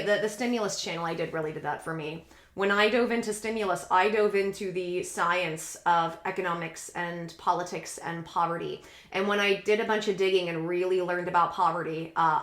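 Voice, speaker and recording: A woman talking to her audience in a casual, rambling vlog. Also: fairly low pitch. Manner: chatty, rambling, animated. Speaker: vlogger. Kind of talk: casual vlog talk to camera. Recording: echoey room.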